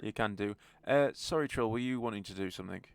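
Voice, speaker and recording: Man, game master, gravelly voice, smooth and dry close sound. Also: fairly low pitch, quick pace, no echo. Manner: relaxed, chuckling, hesitant fillers. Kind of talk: narrating a tabletop game.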